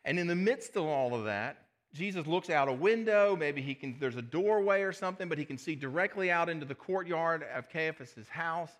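A male pastor preaches a sermon in a slightly high voice. He walks through the verses in an animated storytelling manner, dramatizing each scene for his congregation. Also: normal speed, few pauses.

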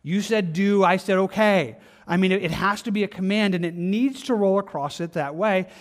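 An American man, a pastor, preaching a conversational sermon and acting out people's excuses in quick little voices. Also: sits high.

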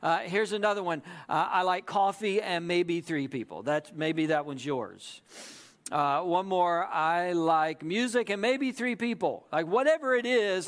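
A man's voice: high-pitched, unhurried. A man preaching a sermon in a conversational way, often checking in with the audience. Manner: conversational, repeats "right?" to the audience. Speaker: pastor.

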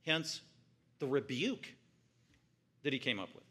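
A male pastor preaching a sermon, emphatic and repeating phrases for stress, swinging between loud peaks and quiet low stretches. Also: sing-song, a little slow, long pauses, husky.

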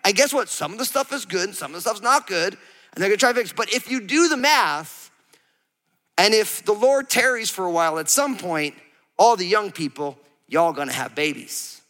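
A man's voice: high voice, animated, normal speed, sharp tone. A man in his thirties preaching a sermon, playful and conversational, asking his congregation questions and acting out quotes. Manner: playful, acts out quotes, asks the crowd. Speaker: pastor. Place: large church hall. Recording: reverberant church hall.

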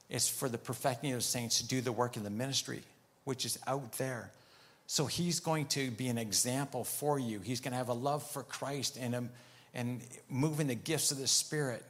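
Gravelly-voiced man preaching a testimony. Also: medium pitch, a bit bright. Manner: storytelling with many "I said" asides. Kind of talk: sermon testimony.

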